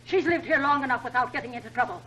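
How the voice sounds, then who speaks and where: A scornful, money-hungry heiress from an early 1930s picture. Her tone is brusque and a little high. A faint hiss from the old soundtrack runs under it. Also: racing, bright, forceful tone, low-quality recording. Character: sharp-tongued, greedy woman heir. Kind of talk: 1930s film acting.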